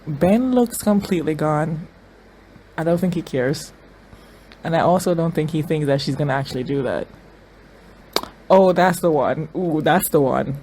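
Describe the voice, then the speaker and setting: Brief: reaction-video host, emotional and tearful, halting commentary full of repeats, mid-range voice. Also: medium pitch, darkish tone, slight background noise, rough recording. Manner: emotional, repeats phrases, thinks aloud with many restarts.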